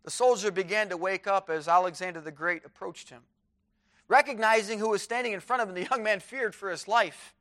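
A man's voice: high-pitched, fairly quick, sharp tone. A man preaching a sermon in a chapel, reading scripture aloud with fervor.

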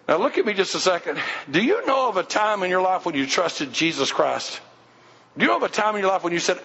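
Male pastor, emphatic sermon delivery, high voice, muffled church-hall sound. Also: a bit bright. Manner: emphatic preaching, repeats phrases, asks congregation to respond. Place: church sanctuary. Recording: dull sound with long hall reverb.

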